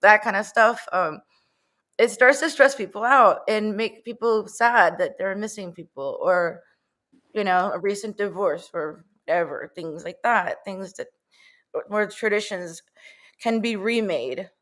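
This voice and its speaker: A woman's voice: mid-range voice, measured pace, a bit bright. A woman hosting an interview show, talking in a casual, chatty and affirming way. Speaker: show host. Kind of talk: conversational interview.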